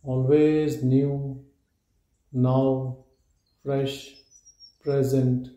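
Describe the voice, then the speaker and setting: A man giving a meditative spiritual talk at a live gathering, in slow, measured short statements with long pauses. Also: medium pitch, flat delivery, warm tone. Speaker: spiritual teacher. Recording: roomy echo.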